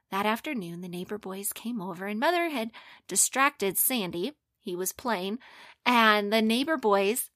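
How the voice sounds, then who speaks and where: A woman telling a children's story expressively, dropping to hushed asides. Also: medium pitch, dry recording, studio quality.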